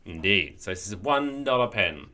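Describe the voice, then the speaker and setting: A man co-hosting a podcast, talking in a rambling, animated, storytelling way. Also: lowish voice, normal speed, a crowd in the background. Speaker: podcast co-host. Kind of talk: casual chat.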